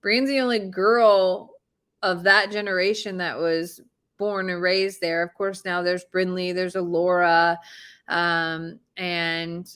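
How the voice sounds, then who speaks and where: Woman, casual storyteller, animated and expressive, laughs easily. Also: fairly low pitch, takes it slowly, clean tone. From Midwest US. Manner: animated, laughs often, swings from excited to hushed. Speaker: host telling a personal story.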